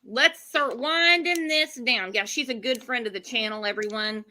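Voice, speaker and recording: A woman's voice: a little high, crowd noise. A woman hosting a true-crime live stream, chatting casually with guests and her chat audience. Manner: chatty, fast asides to chat. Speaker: livestream host.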